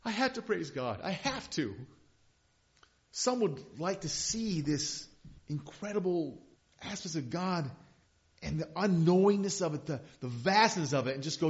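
A male pastor preaching a sermon, impassioned, swinging from hushed confession to loud emphasis. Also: a little high, expressive, normal speed. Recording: dull lo-fi recording.

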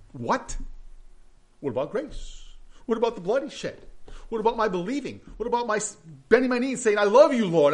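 Animated preacher man, lively pitch. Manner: animated, swings between loud reading and hushed asides. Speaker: pastor. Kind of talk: sermon with scripture reading.

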